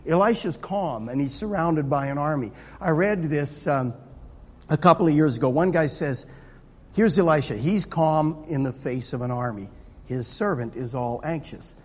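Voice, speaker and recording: A man preaching a sermon in a conversational, animated way. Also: sits high, husky. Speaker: pastor. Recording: long hall reverb.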